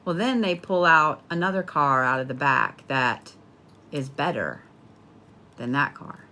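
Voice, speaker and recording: A woman's voice: low voice, lively intonation, unhurried, bright, forceful tone. A woman giving a casual spoken horoscope reading, talking bluntly and playfully with plenty of swearing. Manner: blunt, profane, chatty, playful. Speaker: tarot and astrology reader.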